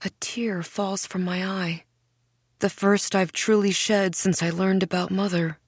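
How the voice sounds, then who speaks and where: A woman reading a first-person mystery audiobook in a measured, hushed way. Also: medium pitch, fairly even intonation, dry recording, clean studio sound. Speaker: audiobook narrator. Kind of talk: scripted first-person narration.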